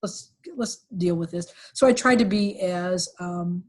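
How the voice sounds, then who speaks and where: A middle-aged woman recounting a painful family story on a podcast, with halting restarts and fillers, sometimes quoting others in livelier voices. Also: on the low side. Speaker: podcast guest, executive recruiter. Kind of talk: emotional personal storytelling.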